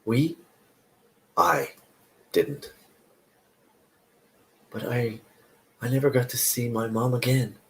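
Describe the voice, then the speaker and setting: A man reading a play aloud, voicing a young woman who speaks in a quiet, wounded way. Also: mid-range voice, slow, gravelly, long pauses, a little hiss or hum. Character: a young woman, hurt and questioning.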